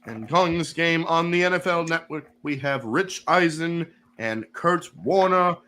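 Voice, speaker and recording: Guy co-hosting a football picks stream, slow and easy, kinda high voice. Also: fairly bright tone, slight background noise. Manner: jokey, puts on playful British phrases. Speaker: co-host. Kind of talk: casual sports picks chat.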